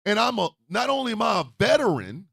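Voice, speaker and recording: A man hosting a radio show, ranting in a profane, fiery way and often shouting. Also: sits high, sing-song, a little fast, vocal fry, slightly rough, dry recording, studio quality.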